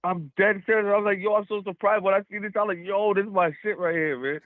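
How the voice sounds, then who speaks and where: A man's voice: high-pitched, fairly even intonation, fast, no room sound. Man, caller, laid-back slang, lots of fillers, tinny phone line, dry sound. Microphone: phone call.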